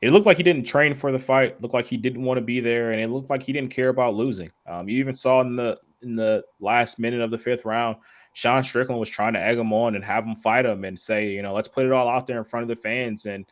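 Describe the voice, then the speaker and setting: A man co-hosting a sports podcast, giving measured, explanatory analysis with a few fillers. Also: mid-range voice. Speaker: podcast co-host.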